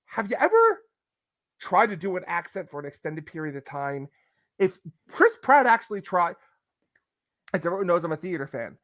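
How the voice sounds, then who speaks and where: Male podcast host, lively and opinionated, dry close sound. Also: sits high, moderate pace, dry recording. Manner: animated, ranting, breaks into impressions. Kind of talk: casual opinionated chat.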